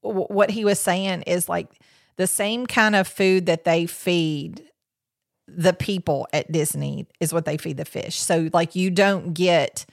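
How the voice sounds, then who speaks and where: Chatty woman, low voice. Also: measured pace, creaky, dry recording, clean studio sound. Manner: rambling, many fillers and restarts. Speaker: podcast host. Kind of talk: casual chat about a vacation.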